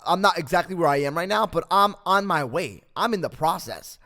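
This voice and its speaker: A man hosting a podcast, telling a Bible story as a motivational talk, with lots of fillers and animated asides. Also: fairly high pitch, a little fast. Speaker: podcast host. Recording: long echoing reverb.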